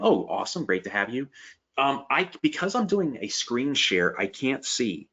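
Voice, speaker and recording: A man's voice: on the low side, expressive, a little slow, long pauses, fairly bright tone, breathy edge. A man with a slight Pennsylvania Dutch accent hosting a live webinar, chatting upbeat and answering viewer questions. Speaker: webinar host. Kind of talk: live webinar sales pitch and Q&A. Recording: dull lo-fi webinar audio.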